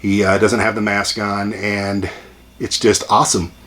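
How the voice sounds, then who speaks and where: A man hosting a casual home vlog, chatty and excitable with rambling asides. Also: on the low side, unhurried. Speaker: channel host ranking toy collection. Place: home room with a TV.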